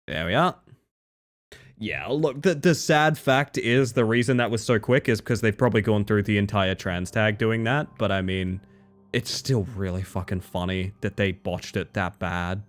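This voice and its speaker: A man streaming live and chatting casually with his viewers, animated, often breaking into high squeals and laughter. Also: moderate pace. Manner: chatty, thanks viewers warmly.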